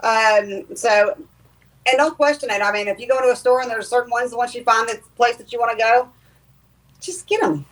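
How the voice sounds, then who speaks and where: A woman's voice: on the high side, steady tone, normal speed, fairly bright tone, poor audio. Southern american lady, psychic medium guest, easygoing folksy chat, lots of ums. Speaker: clairvoyant medium and teacher. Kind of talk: casual interview chat.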